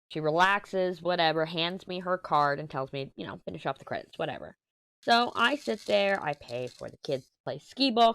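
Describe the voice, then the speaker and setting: While working on a diamond painting, a crafting channel host in her 30s chats casually, rambling through a story and correcting herself. Her voice sits low, and there's slight background noise.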